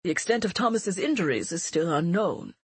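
A woman's voice: fairly low pitch, big pitch swings, brisk, husky, no room sound, full character voice. A woman voicing an older white-haired male minister who speaks formally.

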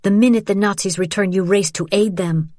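A woman voicing a defiant nineteen-year-old daughter who argues forcefully with her father. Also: medium pitch, measured pace, dry recording, studio quality, voice pushed up, natural voice. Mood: accusing. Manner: forceful, insistent, pressing.

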